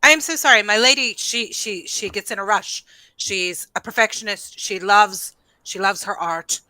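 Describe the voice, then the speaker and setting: A woman's voice: mid-range voice, moderate pace, pushed and bright, dry recording, lightly acted, poor audio. A woman voicing a fawning servant valet in a put-on accent, apologizing and stammering over and over. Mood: flustered, apologetic.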